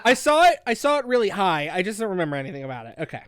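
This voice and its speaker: A young woman co-hosting a casual comedic book review, loud, profane and giggly while sipping wine. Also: mid-range voice, sing-song, racing, no echo, studio quality. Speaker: podcast co-host.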